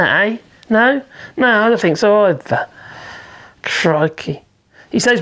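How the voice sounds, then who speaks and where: A woman hosting her channel, reading a news story aloud and commenting on it sarcastically, with sighs and wry asides. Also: fairly high pitch. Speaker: channel host.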